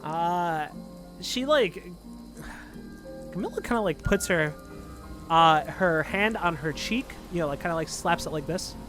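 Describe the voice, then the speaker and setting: A man's voice: on the high side, expressive, unhurried, over music. A man narrating as dungeon master of a tabletop game, rambling with many fillers.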